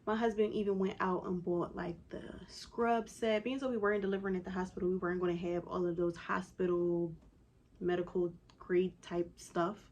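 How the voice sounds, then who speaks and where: A woman vlogger telling a personal story in a casual, animated way, with many "like" fillers. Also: fairly low pitch, moderate pace.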